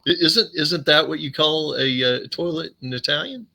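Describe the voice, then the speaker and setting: A man's voice: fairly high pitch, expressive, normal speed, vocal fry, pushed and bright. A man hosting a podcast interview, teasing and fond of putting his guest on the spot. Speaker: podcast host. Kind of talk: casual interview.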